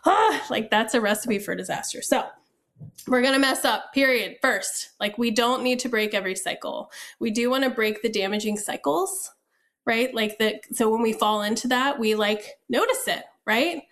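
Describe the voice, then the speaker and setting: A woman's voice: fairly high pitch, normal speed, a bit bright. A woman speaking frankly and emphatically as a guest on a casual podcast about parenting.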